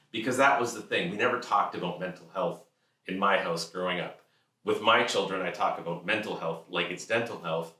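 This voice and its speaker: A deep, middle-aged man tells a candid story about his family. His tone is bright and forceful, and he pauses often. He is recorded a little away from the mic in an echoey room. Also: distant mic. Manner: earnest, candid, acts out family voices. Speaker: host telling a personal story. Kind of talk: personal storytelling talk.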